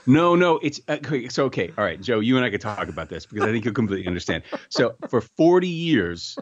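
A man speaking as an actor guest in a casual interview, animated and full of stammered restarts and quick laughs. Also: mid-range voice, dry recording, highs cut off.

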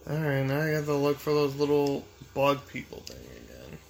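A man's voice: mid-range voice, huge pitch swings, normal speed, vocal fry, slight background noise. A young man commentating his gameplay, frustrated, swearing and talking back at the game. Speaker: gamer.

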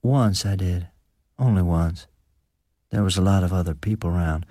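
Man voicing a haunted, halting country man. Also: low voice, warm tone, dry recording, studio quality. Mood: grim. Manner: slow, halting, rustic speech. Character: haunted, gaunt rural man, subdued and grim. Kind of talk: audiobook character reading.

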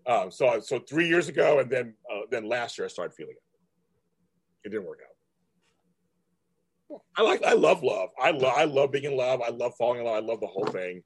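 Husky-voiced man in his fifties, rambling. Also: mid-range voice, animated. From California. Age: 50s. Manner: rambling, halting with many restarts and ums. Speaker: host. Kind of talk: casual chat.

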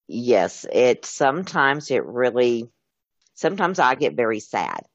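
A man's voice: mid-range voice, very animated, measured pace, fairly bright tone, no room sound, muffled recording. A man, a former emergency dispatcher, telling stories in an interview in an earnest way, acting out the callers' words. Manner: earnest, recounts calls with quoted dialogue. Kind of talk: storytelling in an interview.

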